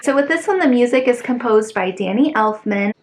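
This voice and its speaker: Chatty excitable woman vlogger. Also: fairly high pitch, fairly quick, a little hiss or hum. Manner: chatty, excitable, many fillers. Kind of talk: casual unboxing chat.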